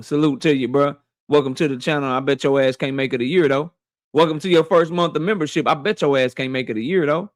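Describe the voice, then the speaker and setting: A man hosting a boxing livestream, shouting out viewers by name in loose, slangy casual talk. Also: medium pitch, no echo, studio quality.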